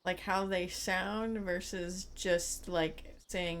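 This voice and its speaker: Woman chatting away on a game stream, thinking out loud and talking to chat, middle pitch. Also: slow, few pauses. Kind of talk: casual gameplay stream chat.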